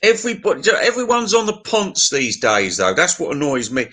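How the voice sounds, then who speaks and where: A middle-aged man rants through a casual stream chat, swearing freely as he spins his stories. His voice sits a little high and sounds bright and forceful. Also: wildly swooping pitch, normal speed, breathy edge. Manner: sweary, ranting storyteller.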